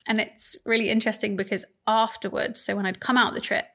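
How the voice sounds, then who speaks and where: A woman's voice: mid-range voice, level tone, fairly quick, vocal fry, bright, forceful tone. Woman podcast host, candid and chatty, recounting her own experience. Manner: candid, chatty, laughs as she speaks. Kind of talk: personal storytelling.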